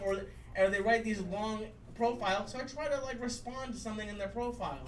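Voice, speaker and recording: A man's voice: high voice, a little fast, hardly any pauses. Rambling young man doing stand-up in an echoey room. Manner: self-deprecating, rambling with many fillers. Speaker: stand-up comedian. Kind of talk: live stand-up set. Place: comedy venue with live audience. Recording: roomy live room, far from the mic, noisy. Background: audience laughter.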